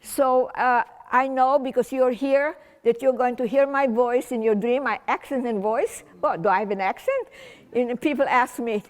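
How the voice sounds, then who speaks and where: A woman's voice: high-pitched, steady tone, measured pace, few pauses, long reverb tail. An older woman from Transylvania giving a chatty, whimsical public talk to a community audience, rambling with restarts. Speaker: guest speaker. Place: large community hall.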